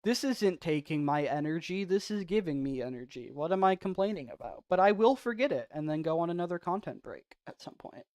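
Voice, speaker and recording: A man's voice: a little high, expressive, a little fast, few pauses, no room sound. Rambling, self-mocking male game streamer. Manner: soft-spoken off stream. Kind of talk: casual livestream chat.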